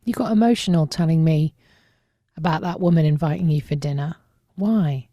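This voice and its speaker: A woman interviewer gently asking her guest about his feelings. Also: low-pitched, moderate pace, dry recording, clean studio sound. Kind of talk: interview questions.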